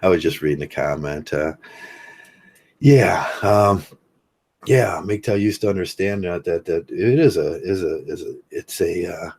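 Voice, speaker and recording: Older guy rambling on his stream, low voice kinda husky, lots of uhs and restarts. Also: a little mellow. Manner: rambling, halting, many fillers and restarts. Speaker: livestream host. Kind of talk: casual livestream monologue reading chat.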